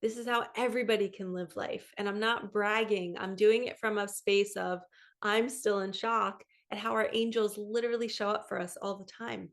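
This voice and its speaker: A woman's voice: mid-range voice, steady tone, normal speed. A woman in her thirties, a spiritual coach, talking casually to camera in an earnest, chatty way and acting out the voices of the people she quotes. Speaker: spiritual coach and psychic medium.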